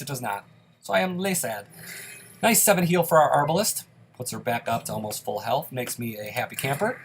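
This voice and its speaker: A man's voice: on the high side, a little hiss or hum. A man hosting a let's play, giving casual commentary on his gameplay in an upbeat, chatty way and explaining each choice he makes.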